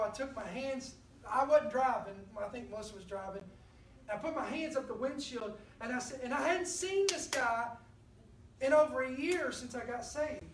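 A woman preaches in a fairly high voice, telling a story and calling out to the congregation. She is picked up from a distance in an echoey church hall. A faint ambient hum sits under her voice. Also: moderate pace. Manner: storytelling, animated, addresses the congregation directly. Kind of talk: sermon.

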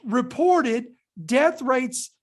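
A woman podcast host reading news quotes aloud and commenting on them, with slow, deliberate emphasis and dramatic pauses. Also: sits high, a little mellow.

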